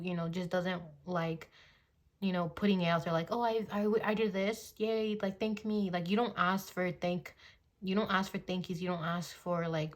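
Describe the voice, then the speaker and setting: Chatty young woman, lowish voice. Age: 20s. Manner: chatty, rambling, many fillers like "like" and "you know"; puts on gushing quoted voices. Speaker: tarot reader. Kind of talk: casual tarot reading to camera. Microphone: phone.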